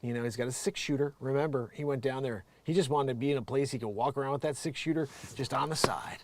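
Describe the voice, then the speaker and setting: A man's voice: medium pitch, fast, a little hiss or hum. A man hosting his own show, ranting casually and sarcastically, rambling, laughing often and mocking people in put-on voices. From United States. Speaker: show host.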